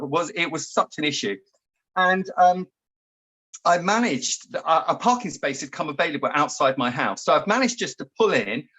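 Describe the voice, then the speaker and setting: A man co-hosting a relaxed chat. He tells stories in a rambling way and gets animated when he acts out what he said. His voice sits a little high for a man. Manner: chatty storyteller, animated when acting out his own outbursts. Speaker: co-host. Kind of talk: casual chat.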